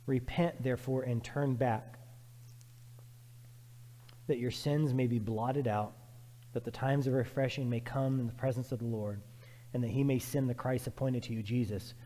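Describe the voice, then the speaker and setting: A man preaching a sermon as pastor, emphatic and repetitive, swinging from loud urging to quiet, reflective passages. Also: medium pitch, long reverb tail.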